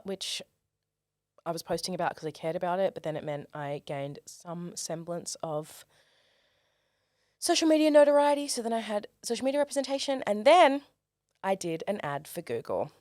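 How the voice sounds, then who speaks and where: A young Australian performer telling stories in a casual interview, animated and comic, acting out quoted voices. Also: female voice, medium pitch, normal speed, no room sound, clean studio sound. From Australia, Perth. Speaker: guest, performer.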